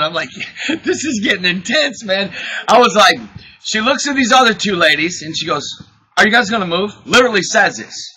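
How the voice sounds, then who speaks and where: A man with a high, husky voice and a bright, sharp tone tells a story with great animation. He acts out what others said and laughs easily as he goes. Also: rough recording. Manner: excitable storyteller, acts out quotes, laughs often. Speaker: podcast host. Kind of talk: casual chat, animated storytelling.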